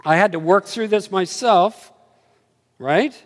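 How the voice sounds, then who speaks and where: Man, preacher, sermon, animated storytelling, slightly high voice, reverberant hall. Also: takes it slowly. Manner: animated storytelling, swinging from low murmurs to excited highs.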